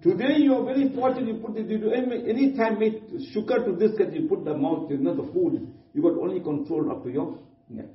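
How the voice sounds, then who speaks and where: A man with a fairly high voice preaches a sermon at a fairly quick pace, speaking earnestly and repeating his points in simple English that sounds non-native. He is an Islamic preacher, and the recording is distant and dull, with an echoey room.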